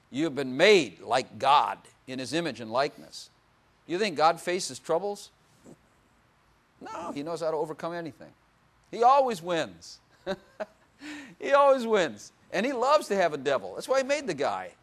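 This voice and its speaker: An older man preaching to a congregation in a church. He keeps it conversational and playful, laughing often and asking the listeners questions. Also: medium pitch. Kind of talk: sermon.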